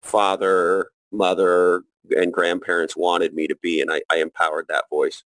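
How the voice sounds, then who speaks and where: A middle-aged man with a lowish voice speaks as a guest on a podcast. He talks in a reflective, unhurried way, with frequent restarts and fillers. The recording is dry and close. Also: little pitch movement, fairly bright tone, no echo, low-quality recording. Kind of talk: casual interview conversation.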